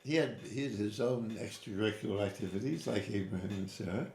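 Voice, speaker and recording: Animated male storyteller in a roomy echo. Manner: animated, with sudden rises in pitch and quick asides. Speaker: guest. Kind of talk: storytelling interview answers.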